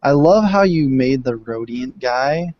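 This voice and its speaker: A man's voice: medium pitch, animated, measured pace. A man chatting and joking as a player at a tabletop game. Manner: joking, loose. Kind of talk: casual game chat. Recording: dull lo-fi recording with faint hiss.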